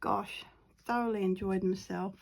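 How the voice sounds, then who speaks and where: A woman's voice: mid-range voice, steady tone, moderate pace, vocal fry. A middle-aged woman with a New Zealand accent chatting casually while she paints, rambling into giggly asides and muttering half to herself. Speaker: watercolor painting vlogger.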